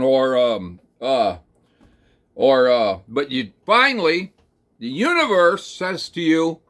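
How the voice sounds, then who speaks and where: A man telling a rambling, folksy second-person story, talking slowly through it with plenty of hesitations and fillers. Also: on the high side, big pitch swings, fairly bright tone. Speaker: channel host.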